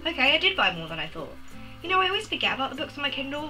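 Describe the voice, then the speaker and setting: A woman's voice: on the high side, sing-song, rough recording. Chatty young woman vlogging. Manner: chatty, bubbly, quick asides. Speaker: book vlogger. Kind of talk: casual chat. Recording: music playing behind.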